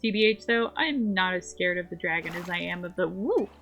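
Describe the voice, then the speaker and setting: A woman's voice: on the low side, animated, brisk, a bit bright, soft background music. A woman streaming a game, chatting casually in a playful, rambling way. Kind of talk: casual gameplay chat.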